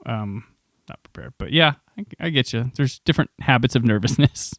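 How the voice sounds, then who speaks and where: A man hosting a podcast interview, talkative and animated when telling his own stories. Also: mid-range voice, normal speed, no echo, clean studio sound. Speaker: podcast host. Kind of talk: casual interview chat.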